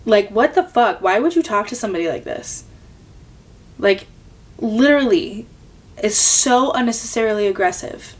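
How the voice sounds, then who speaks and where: A woman's voice: mid-range voice, animated, moderate pace. A woman hosting a reaction commentary video, exasperated, sarcastic and full of profanity.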